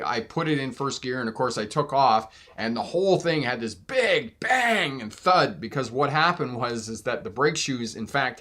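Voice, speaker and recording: A talkative man runs a relaxed live question session as a driving instructor. His voice sits at an ordinary middle pitch, and he laughs often while acting out little exchanges in other voices. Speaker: driving instructor and channel host. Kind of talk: casual live viewer Q&A.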